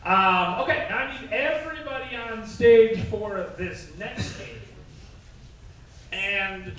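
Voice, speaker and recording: Jokey host with a high bright voice. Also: male voice. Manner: jokey, chatty. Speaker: improv show host. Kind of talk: live improv hosting. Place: brewery taproom stage. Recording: echoey room from far off with crowd noise.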